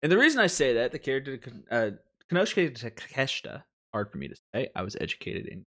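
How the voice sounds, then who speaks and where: Rambling man with lively pitch. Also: quick pace. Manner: rambling, chuckling, self-interrupting. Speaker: wrestling commentary host. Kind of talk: casual commentary.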